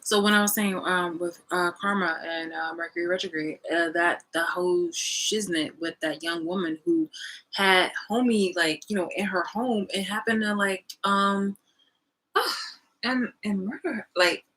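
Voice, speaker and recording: A young woman vlogging in a casual, animated rant, swearing freely and trailing off into fillers. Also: medium pitch, measured pace, low-quality recording. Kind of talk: casual ranting monologue.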